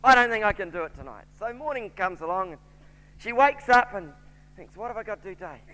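A man's voice: high-pitched, lively intonation, quick pace, sharp tone. A man with a New Zealand accent preaching a sermon, telling a story and voicing its characters. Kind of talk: sermon with anecdote. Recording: church hall reverb.

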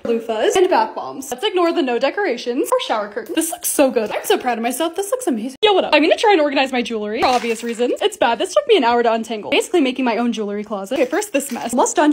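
Chatty young woman vlogging, talks fast, bubbly and excitable. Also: sits high, slight background noise. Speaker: lifestyle vlogger. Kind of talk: casual vlog voice-over.

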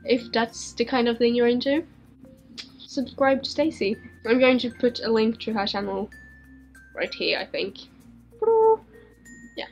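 A woman's voice: fairly high pitch, unhurried, pauses often, faint music behind. A young woman in her teens from Sweden, chatting on camera in her bedroom, rambling and giggling, her voice strained and fading. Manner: rambling, giggly, self-interrupting. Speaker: vlogger. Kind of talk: casual chat answering viewer questions.

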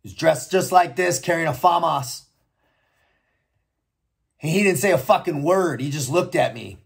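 A man's voice: a little high, moderate pace, vocal fry, slightly rough. An American man telling his own story in a blunt, profane and reflective way. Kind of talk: personal storytelling monologue.

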